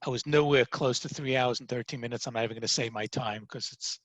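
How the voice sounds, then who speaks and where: Chatty New host, dry sound. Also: male voice, medium pitch, fast talker, no echo, lo-fi sound. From Brooklyn, New York. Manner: chatty, animated storyteller. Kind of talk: interview conversation. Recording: dry close recording.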